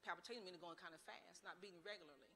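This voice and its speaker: A middle-aged woman campaigning from a church pulpit, her voice very bright and cutting. She tells stories and hammers home rhetorical questions with conviction, and her words ring out with a long hall reverb. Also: on the low side, racing. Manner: impassioned, storytelling, rhetorical questions. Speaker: political candidate. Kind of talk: campaign speech. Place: large church sanctuary.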